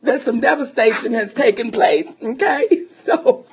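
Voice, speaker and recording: Husky, high-voiced woman telling a story. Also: measured pace. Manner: animated, profane, laughs often; speaks to listeners as sisters. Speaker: podcast co-host. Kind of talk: personal storytelling chat.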